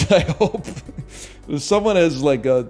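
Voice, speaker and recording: A man streaming a game and chatting casually, animated and joking, with frequent swearing. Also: fairly high pitch, takes it slowly, soft background music. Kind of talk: casual chat while gaming.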